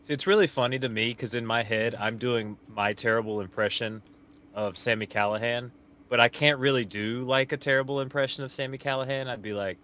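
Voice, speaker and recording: Bright-voiced man making offhand quips. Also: mid-range voice, fairly even intonation, brisk, a little hiss or hum. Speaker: podcast co-host. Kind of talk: casual wrestling recap chat.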